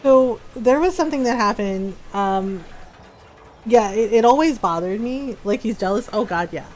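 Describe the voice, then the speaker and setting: A woman game streamer in casual chat, animated, laughing often and swearing casually. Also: fairly high pitch, normal speed, soft background music.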